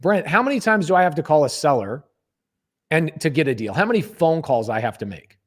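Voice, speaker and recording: A man's voice: on the high side, very animated, a little fast. Emphatic, blunt man telling a story. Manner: emphatic, blunt, swears freely. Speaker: podcast host. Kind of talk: casual storytelling.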